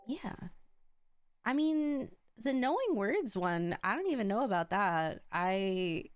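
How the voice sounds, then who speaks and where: Lively, chatty young woman streamer. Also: on the high side, no echo. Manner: chatty and animated, laughs often. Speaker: streamer and card game caster. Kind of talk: casual chat while playing a card game.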